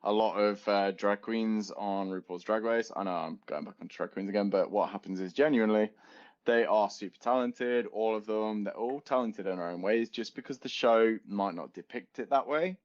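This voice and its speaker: Low-voiced young man on lo-fi podcast. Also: moderate pace. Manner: rambling, laughs often, chatty. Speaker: podcast co-host. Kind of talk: casual chat. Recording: dull lo-fi home podcast recording.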